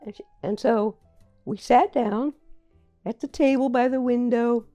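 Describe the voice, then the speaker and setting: An older woman, a playwright, recalling her career in a reflective, halting way, often repeating words as she remembers. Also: a little high, mellow, highs cut off, soft background music. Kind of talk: reflective personal storytelling.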